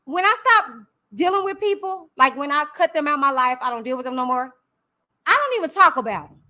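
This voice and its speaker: Sassy female streamer, very high voice with big swings, slow easy dismissive rant. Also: big pitch swings, pushed and bright. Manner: dismissive, sassy, drawn-out talk with frequent laughs. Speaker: channel host. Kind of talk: casual livestream rant.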